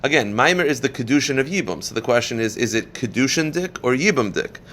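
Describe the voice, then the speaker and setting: A rabbi teaches a daily Talmud class in a voice of ordinary pitch for a man. He reads the Aramaic source quickly and then puts it into plain English. He moves through the argument by posing a question and then answering it. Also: expressive, a bit bright, a little hiss or hum. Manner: explains step by step, poses and answers questions.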